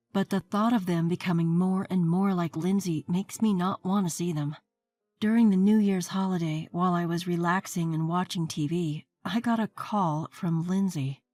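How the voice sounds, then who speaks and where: Brief: woman, forties, low tone, dry booth sound, telling her story in a fed-up, wry manner. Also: darkish tone, no echo. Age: 40s. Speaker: narrator. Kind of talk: scripted story narration.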